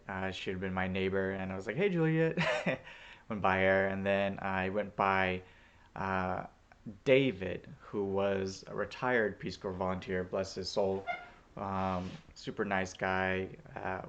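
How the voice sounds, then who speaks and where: A man chats through a personal story in a relaxed vlog, with lots of ums and uhs. His voice sits on the low side. The recording sounds a bit dull and lo-fi. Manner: easygoing, chatty, many fillers. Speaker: returned Peace Corps volunteer.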